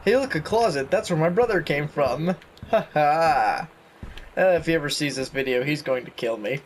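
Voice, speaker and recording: A man's voice: on the high side, animated, moderate pace, a little hiss or hum. A young man chatting and joking through a video game, reading notes aloud as he goes. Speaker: gaming YouTuber. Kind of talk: let's play commentary.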